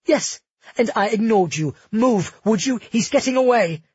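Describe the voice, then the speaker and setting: A man voicing a fierce, sharp-tongued young woman in an audiobook, defiant and commanding. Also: high voice, animated, moderate pace, slightly rough, no echo, muffled recording, voice pushed up, full character voice. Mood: urgent.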